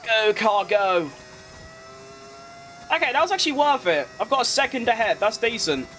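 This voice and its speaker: A man giving excitable live commentary while playing a racing game, exclaiming at close moments. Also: high voice, moderate pace, a little hiss or hum. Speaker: gaming streamer.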